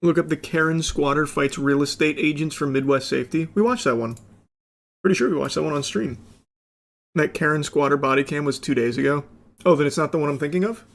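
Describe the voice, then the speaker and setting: A man's voice: fairly high pitch, brisk, creaky. A man in his thirties giving casual reaction commentary on videos, with dry, blunt remarks and some swearing.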